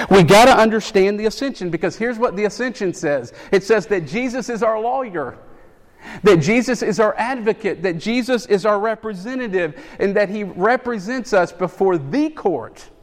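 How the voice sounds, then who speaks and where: A man preaching a sermon, animated, building to loud emphatic peaks. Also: a little high, vocal fry. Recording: long hall reverb.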